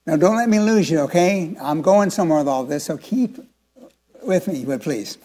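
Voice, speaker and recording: This animated pastor in his seventies preaches a little fast, his voice notably high. He asks the congregation questions and swings between hushed confidences and emphatic declarations.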